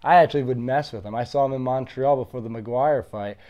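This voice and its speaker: A man's voice: medium pitch, brisk, muffled recording. A man in his early thirties, a former fighter being interviewed, telling his story in a blunt, confident, boastful way. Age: 30s.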